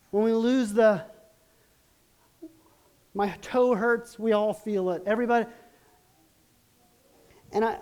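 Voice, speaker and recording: A middle-aged man preaching a sermon as pastor, telling stories in an earnest, halting way with many restarts. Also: high voice, dark tone.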